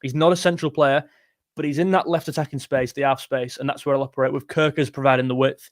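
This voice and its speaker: A young man hosting a live football stream, talking fast and opinionated, with frequent restarts. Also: medium pitch, steady tone, no room sound, studio quality. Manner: quick, opinionated, chatty, with many restarts. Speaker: football channel host. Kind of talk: live-stream chat reading super chats.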